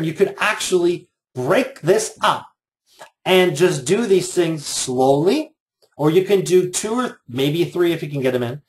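A middle-aged man leading a live online workshop for teachers, chatty and joking, with sarcastic asides. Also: on the high side. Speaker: teacher trainer.

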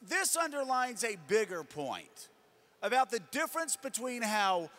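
A middle-aged man holds a conference stage, joking his way through an animated story. His voice sits unusually high for a man and rings bright. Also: a little slow. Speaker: talk show host.

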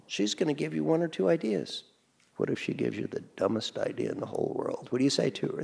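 A man's voice: fairly high pitch, very animated, fast talker, gravelly, darkish tone, husky. A man giving an interactive, joking business lecture to a class, quizzing the audience and giving them exercises. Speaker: business speaker teaching a class.

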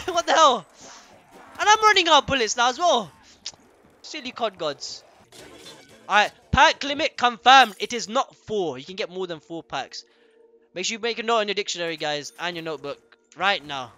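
A young man streams a game in a loud, excitable rush of commentary. His voice sits high and leaps all over the place, and he keeps repeating his lines in bursts. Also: moderate pace, pauses often, faint music behind. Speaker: gaming streamer.

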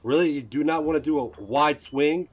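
A man's voice: fairly high pitch, a little fast, soft background music. A man streaming a game, commenting live with frustrated outbursts and swearing.

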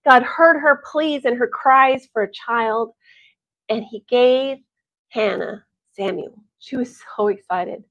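A woman telling a Bible story to families, animated and chatty, with sighs and laughs. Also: fairly high pitch, takes it slowly. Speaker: Bible teacher. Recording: dull lo-fi recording.

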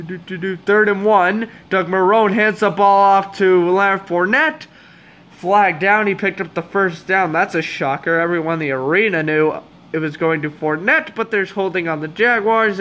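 Hoarse, exasperated sports fan commentator. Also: male voice, high-pitched, fairly bright tone. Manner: exasperated, sarcastic fan rants. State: hoarse, voice giving out. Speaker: amateur play-by-play commentator. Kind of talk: fan commentary over game footage.

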